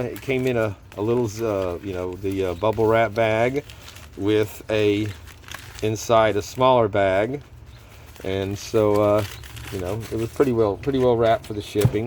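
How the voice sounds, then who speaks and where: A man's voice: lowish voice, darkish tone, a little hiss or hum. A man chatting casually and rambling as he hosts a gold prospecting video at his table. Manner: rambling, self-correcting, chuckles often. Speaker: gold prospecting hobby host. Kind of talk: casual chat. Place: table at home.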